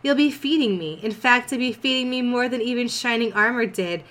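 A woman's voice: a little high, a little fast, a bit bright, voice pushed up, close to an everyday voice. Teasing villain queen for a silly fanfic read, woman doing it, sneers and gloats. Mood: gloating. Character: sneering villainous insect-like pony queen, female.

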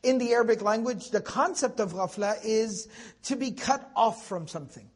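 A man's voice: sits high, moderate pace, husky. A young man giving a conversational Quran tafseer lecture, reciting Arabic verses and asking rhetorical questions. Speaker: Quran teacher.

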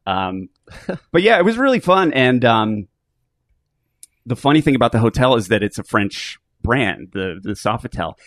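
A man's voice: medium pitch, sing-song, moderate pace, fairly bright tone, no room sound. A man in casual podcast chat, telling long joking stories that ramble from one aside to the next. His voice sits mid-range, recorded close and dry with no room sound.

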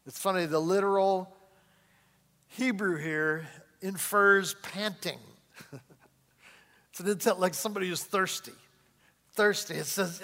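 A middle-aged male pastor preaching a sermon in a church in a chatty way, chuckling often and slowing down to stress key words. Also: sits high, pushed and bright. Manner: conversational preaching, chuckles often, slows and rises for emphasis. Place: church sanctuary. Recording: long hall reverb.

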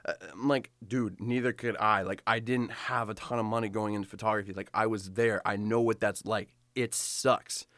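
A young man telling his own story in a casual, animated way, full of "like" and restarts. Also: fairly low pitch, normal speed, few pauses, no echo, clean studio sound. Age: young adult.

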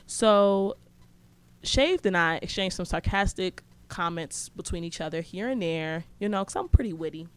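A woman's voice: lowish voice, normal speed, clear, resonant tone. A young woman telling a story in casual, slangy speech, blunt and sarcastic.

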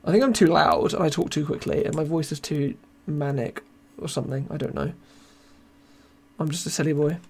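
On a casual live podcast, a young British host talks fairly quickly in a voice on the high side, gravelly and a little mellow with a breathy edge. Tired and thin-voiced, he rambles, makes fun of himself, and reads chat messages aloud.

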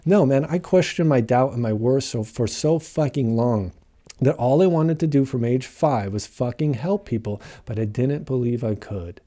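Very dark-voiced, profane man. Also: medium pitch, moderate pace. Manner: raw, heavily profane, emphatic; rambling, repeats and restarts phrases. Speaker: motivational speaker sharing his recovery story. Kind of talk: candid personal monologue.

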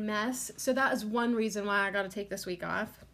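A woman's voice: mid-range voice, moderate pace, vocal fry, few pauses, fairly bright tone. A woman hosting her own podcast in a casual, rambling monologue, full of "like" fillers, tearful and trying not to cry. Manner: rambling, lots of "like" fillers, emotional. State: tearful, holding back crying. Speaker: podcast host.

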